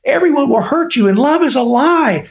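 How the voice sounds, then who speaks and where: A man voicing a frightened, shrunken male ogre caretaker who wails in a shrill voice. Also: lively intonation, moderate pace, vocal fry, heavily acted. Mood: wailing. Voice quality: shrill, wailing. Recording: echoey room.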